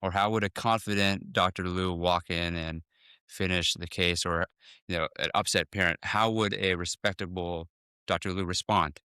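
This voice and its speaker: A man, a dentist, speaking as a guest in a casual podcast interview, talking quickly with many restarts and acting out conversations with patients. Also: deep voice, steady tone, bright, forceful tone, clear, resonant tone, no echo, studio quality. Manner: fast, full of restarts, acts out patient talks.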